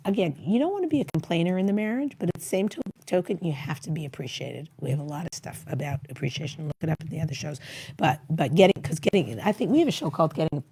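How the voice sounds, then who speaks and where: A woman's voice: medium pitch, sing-song, fast, dark tone, husky. A middle-aged woman hosting a talk show, giving marriage advice in a rambling, casual way and acting out bits of dialogue. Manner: rambling, acts out little quoted dialogues.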